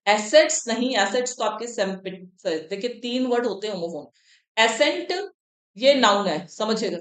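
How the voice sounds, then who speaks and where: A woman's voice: a little high, rapid-fire, roomy sound. A woman with an Indian accent teaching English in an exam-prep class, switching between English and Hindi and often checking in with the students.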